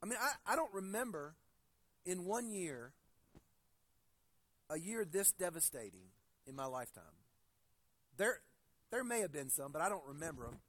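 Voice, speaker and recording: High-voiced man preaching a sermon. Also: very animated, a bit bright. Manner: conversational storytelling with frequent restarts; reads scripture slowly and deliberately. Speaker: pastor.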